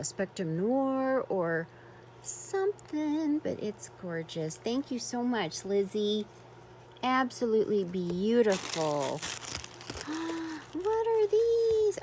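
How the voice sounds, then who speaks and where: Gushing woman with a lively, slow voice. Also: medium pitch, a little hiss or hum. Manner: gushing, effusive exclamations. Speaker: craft vlogger. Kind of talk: casual unboxing chat.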